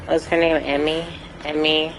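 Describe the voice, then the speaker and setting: A woman's voice: low voice, little pitch movement, normal speed, faint music behind, rough recording. A young woman streaming a game, chatting casually, apologetic and giggly. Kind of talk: casual gameplay commentary.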